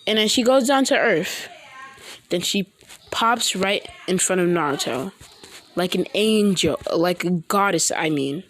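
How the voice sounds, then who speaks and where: Woman making up a fan story as she goes, slow, stumbles a lot, restarts. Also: on the low side, a bit bright, slight background noise. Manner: halting, rambling, many restarts. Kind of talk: improvised fan story narration.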